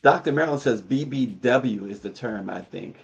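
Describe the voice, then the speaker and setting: Gravelly-voiced man, chuckling co-host. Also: mid-range voice, moderate pace, muffled recording, soft background music. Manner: chuckles often while talking. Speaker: morning show co-host. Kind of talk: casual news chat.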